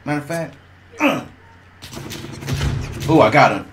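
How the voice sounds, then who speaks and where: A man calls out his gameplay with a high, swinging voice that leaps into yells and laughter. He talks unhurriedly and trash-talks his opponents. There is a clear hiss of noise under the recording. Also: lively intonation, extremely slow. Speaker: gamer streamer. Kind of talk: gameplay commentary.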